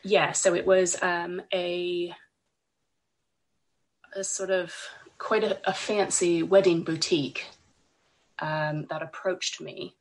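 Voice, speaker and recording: Croaky woman with a gravelly voice. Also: on the low side, level tone, slow, pauses often. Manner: hesitant, with many ums and restarts. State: croaky from a cold. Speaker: podcast guest, illustrator and designer. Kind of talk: casual interview talk.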